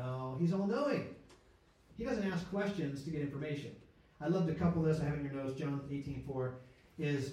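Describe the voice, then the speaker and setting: A man's voice: on the high side, warm tone. A man teaching from a Bible passage in a conversational way, asking rhetorical questions and correcting himself as he goes. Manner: asks rhetorical questions, checks in with listeners; restarts and self-corrects mid-sentence. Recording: very echoey room, speaker far from mic.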